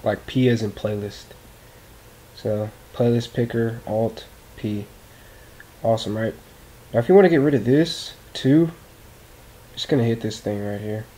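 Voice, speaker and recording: A man hosting a casual software tutorial in a loose, rambling way, often correcting himself, recorded at a desktop computer mic. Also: fairly low pitch, unhurried, pauses often, a little hiss or hum, rough recording. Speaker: tutorial host.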